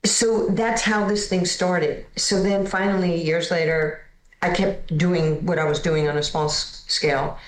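A woman in her sixties from New York, telling candid, self-deprecating stories as a guest in a lively conversation. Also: lowish voice, unhurried, roomy sound, rough recording. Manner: lively, candid, self-deprecating, repeats words when starting. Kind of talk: storytelling in conversation.

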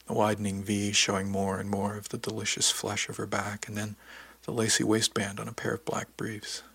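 A man with a husky voice reading a first-person story for a podcast in a measured, intimate way. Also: fairly low pitch, a bit bright, no echo. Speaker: podcast audiobook narrator. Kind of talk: scripted first-person narration.

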